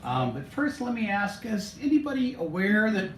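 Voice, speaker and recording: A man's voice: moderate pace, a little hiss or hum. Genial man reciting verse in a roomy cafe. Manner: genial, storytelling, animated pitch. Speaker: open mic poet. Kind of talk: reciting a rhyming poem. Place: small cafe indoors. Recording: roomy cafe, distant mic.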